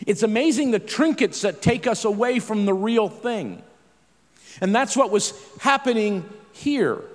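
A man's voice: high voice, in a large hall. A middle-aged man preaching a sermon in a conversational way, with self-deprecating asides and frequent restarts.

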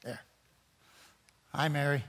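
A man's voice: fairly high pitch, steady tone, slow pace, a bit bright. A man preaching a sermon as pastor, playful and rambling, joking with his congregation between points. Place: church sanctuary. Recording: church hall reverb.

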